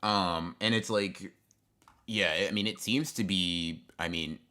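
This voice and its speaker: A man's voice: deep voice, takes it slowly, pushed and bright, clean tone. A man co-hosting a stream in casual chat, rambling with many fillers and swear words. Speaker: stream co-host.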